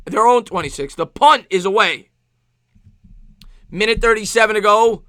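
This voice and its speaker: A man with a New York accent streaming live play-by-play football commentary, excitable, with rhyming calls and thanks to chat viewers. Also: sits high, moderate pace, no room sound, studio quality. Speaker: sports streamer.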